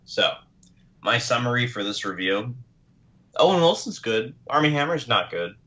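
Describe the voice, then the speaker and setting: A man's voice: medium pitch, very animated, normal speed, pushed and bright, dull audio. A man rambling through a casual movie review, slipping in and out of joking accents. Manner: rambling, slips into mock accents. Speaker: podcast co-host.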